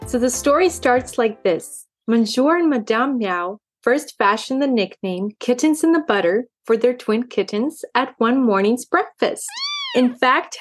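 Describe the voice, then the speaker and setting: Expressive woman reading a children's story. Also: fairly high pitch. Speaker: author reading her book. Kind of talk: storybook read-aloud.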